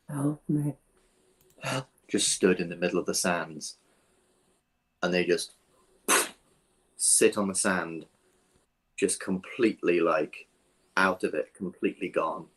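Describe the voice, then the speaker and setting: A man narrating as dungeon master, relaxed and descriptive, thinking aloud with fillers. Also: sits low, breathy edge. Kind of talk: narrating a tabletop game.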